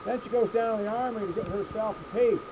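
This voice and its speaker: High-voiced man spinning folksy tall tales outdoors. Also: fast. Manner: deadpan exaggeration with asides to listeners. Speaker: campfire storyteller for a scout troop. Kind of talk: folksy tall-tale storytelling. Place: outdoors in a meadow. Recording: outdoor recording with loud insects and traffic.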